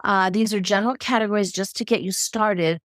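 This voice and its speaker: A woman speaks as a podcast guest, explaining her ideas in an expressive, storytelling manner. Her voice sits at an ordinary middle pitch for a woman. The sound is dry, with no room echo. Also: brisk. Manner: expressive storyteller who acts out quotes. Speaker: podcast guest, eating expert. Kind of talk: conversational explanation.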